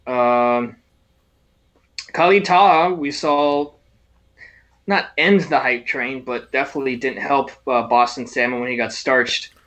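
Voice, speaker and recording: Excitable, profane male podcast co-host. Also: medium pitch, unhurried. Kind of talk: casual podcast chat.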